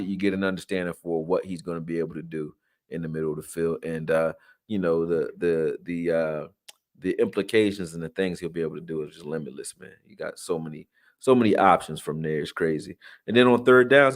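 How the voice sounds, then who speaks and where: A man's voice: deep voice, a little fast. Tired, chatty man breaking down film. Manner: loose and chatty, slangy, many fillers and restarts. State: tired, yawning. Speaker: sports channel host breaking down game film. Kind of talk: casual live film breakdown.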